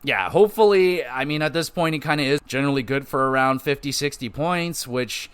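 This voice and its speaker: A man hosting a casual solo sports podcast, rambling through stats with frequent swearing and quick self-corrections. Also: mid-range voice, fairly bright tone, clean tone. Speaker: podcast host.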